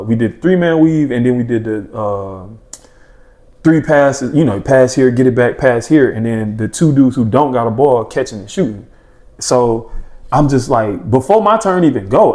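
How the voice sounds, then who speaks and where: Young guy on a podcast telling hoops stories, slangy, acts out what everybody said, regular mid voice. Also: medium pitch. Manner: animated storyteller, acts out his own past thoughts and friends' reactions, slangy. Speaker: podcast guest, former junior college basketball player. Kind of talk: casual storytelling in a podcast chat.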